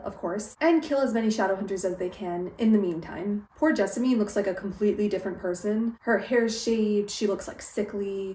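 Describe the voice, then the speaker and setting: A young woman giving a casual, lively book recap, full of "like" and quoted character lines. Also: mid-range voice. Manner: chatty, lively retelling with quoted character voices and frequent "like". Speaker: book vlogger. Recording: echoey room.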